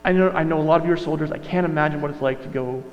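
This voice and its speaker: A man's voice: on the high side, very fast. A male pastor preaching a sermon in a conversational way, often correcting himself and going off on asides. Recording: dull sound, long reverb, mains hum.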